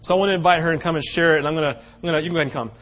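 A man preaching a sermon as pastor, passionate and swinging between loud outbursts and hushed stretches. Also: on the high side, steady tone, racing, lo-fi sound.

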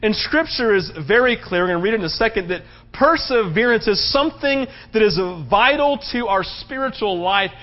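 A male pastor from the United States delivers a relaxed, conversational sermon. His voice sits high, and he leans on rhetorical questions to keep the crowd with him. The recording sounds a bit dull and muffled. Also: normal speed, hardly any pauses.

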